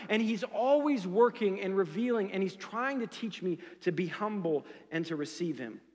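Guy pastor preaching, high voice, big echo hanging in the room, goes loud then real quiet. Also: animated, moderate pace, hardly any pauses. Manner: swings from loud emphatic to soft hushed. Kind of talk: sermon. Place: church sanctuary.

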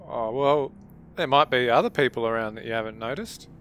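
A man's voice: medium pitch, brisk, fairly bright tone, a little hiss or hum. A man playing a tabletop game, speaking in character in a playful, mock-polite way. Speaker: player.

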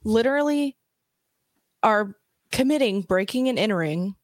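A woman's voice: on the high side, expressive, normal speed, no room sound, studio quality. A woman co-hosting a podcast, chatting in a laid-back, profane way and retelling scenes. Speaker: podcast co-host. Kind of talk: casual film chat.

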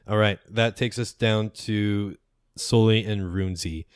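A man's voice: fairly low pitch, fairly even intonation, slow, smooth, no echo, studio quality. A man running a tabletop game as game master, narrating and calling rolls.

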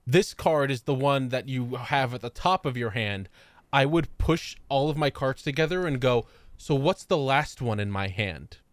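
A man co-hosting a casual podcast chat, animated and quick to put on silly high voices and laugh. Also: no echo. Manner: animated, breaks into high-pitched impressions and laughter. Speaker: podcast co-host.

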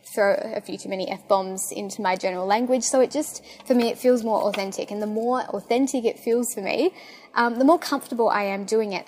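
Chatty excitable young Australian woman. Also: mid-range voice. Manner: chatty and excitable, full of fillers. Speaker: podcast host. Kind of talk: casual monologue.

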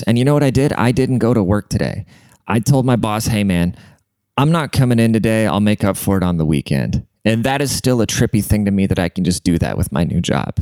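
A man's voice: lowish voice, darkish tone, no echo. A young man telling rambling, profane stories in a laid-back, slangy way, like a podcast host chatting casually. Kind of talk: casual storytelling rant.

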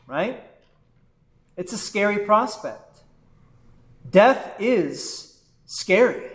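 Male pastor, high voice, slow and conversational sermon delivery, keeps asking "right?". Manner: conversational, often adds "right?"; quotes and voices figures from the text.

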